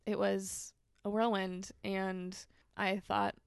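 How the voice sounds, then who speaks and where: A young woman recounts her own story as an interview guest, speaking in a heavily gravelly, fry-laden voice. Her pitch sits in an ordinary middle range, and the sound is close and dry with no room around it. She is candid and chatty, with lots of casual fillers. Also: little pitch movement, slow, no room sound. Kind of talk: personal testimony in a podcast interview.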